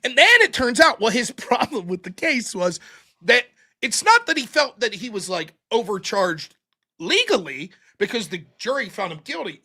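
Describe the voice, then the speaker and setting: Animated, lively-voiced male stream host. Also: very high-pitched. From United States. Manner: animated, profane, mimics opponents in mocking voices. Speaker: show host. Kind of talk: casual livestream debate chat.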